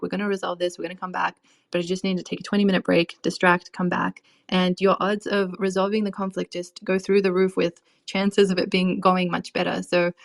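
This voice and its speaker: A woman's voice: on the low side, gravelly. A young adult woman coaching on relationships in a casual, chatty way, full of "you know" and "um". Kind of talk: casual advice talk.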